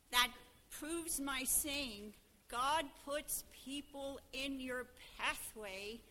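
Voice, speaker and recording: A woman's voice: on the high side, bright, forceful tone, slight background noise. An older woman with a Pennsylvania Dutch accent gives a personal testimony to her church congregation, telling a homely story. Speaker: church member addressing the congregation. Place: church service.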